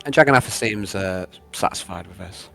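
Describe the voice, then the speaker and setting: A man's voice: deep voice, normal speed, creaky, pushed and bright, faint music behind. Man running a tabletop game. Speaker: game master.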